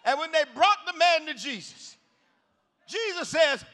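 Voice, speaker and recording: High, bright-voiced man preaching loudly. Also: lively intonation, normal speed. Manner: hollering, rhythmic call-and-response preaching. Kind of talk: shouted revival sermon. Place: large church sanctuary. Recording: echoey hall reverb.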